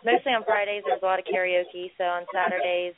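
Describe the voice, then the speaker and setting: A woman answers interview questions hesitantly, with many pauses and ums. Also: lowish voice, fairly even intonation, a crowd in the background. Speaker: guest. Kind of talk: phone interview. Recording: tinny phone line.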